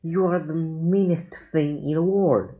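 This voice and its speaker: A man's voice: medium pitch, very animated, moderate pace, lo-fi sound, close to an everyday voice. A man reading aloud and voicing an eager, fearless young girl in a children's adventure story. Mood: excited.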